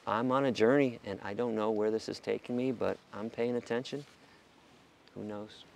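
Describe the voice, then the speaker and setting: A middle-aged American man with a rough, gravelly voice. He talks casually, swears freely, and acts out other people's lines as he tells his stories. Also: fairly low pitch, moderate pace, slight background noise. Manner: animated, profane, acts out quotes. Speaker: interview guest, animal rights activist. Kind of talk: casual storytelling interview.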